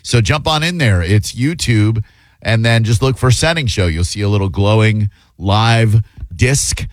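A fill-in talk radio host in his fifties speaks in a fairly low voice. He drifts through casual, self-mocking anecdotes, leaning on fillers and restarts. The studio sound is close and dry. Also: expressive, a little slow, dry recording. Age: 50s. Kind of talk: casual radio chat and storytelling. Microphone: studio broadcast mic.

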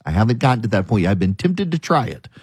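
A man's voice: lowish voice, very animated, fast, a little mellow, husky, dry recording, studio quality. A man hosting a radio talk show, arguing his opinions emphatically and hammering the same points again and again. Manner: emphatic, argumentative, repeats points.

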